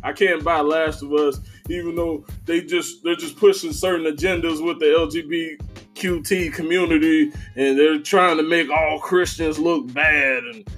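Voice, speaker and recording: Brief: man doing a deep, droning, self-righteous gamer complaining, in a mocking tone. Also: steady tone, moderate pace, a bit bright, faint music behind, natural voice. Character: whiny indignant male gamer, self-righteous.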